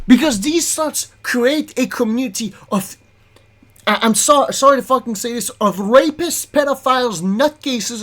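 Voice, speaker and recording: A woman host ranting angrily through a reaction commentary, profane and exasperated, often stumbling and restarting her words. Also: fairly high pitch. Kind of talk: angry reaction commentary, reading a document aloud.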